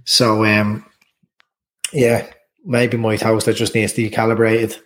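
A man's voice: lowish voice, flat delivery, a little slow, low-quality recording. A man with an Irish accent co-hosting a podcast, rambling and hesitant in casual chat, swearing freely. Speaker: podcast co-host.

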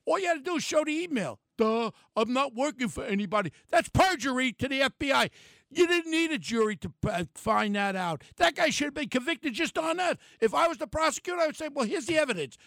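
An older man, delivering a blunt, angry talk radio rant and shouting at times. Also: extremely high pitch, lively intonation, fairly quick, creaky, no echo, clean studio sound.

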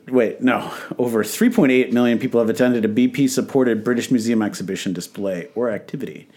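With a mid-range, darkish-toned voice, a male radio host reads out a press release during casual on-air chat. He jokes, fumbles and corrects himself, and laughs while reading.

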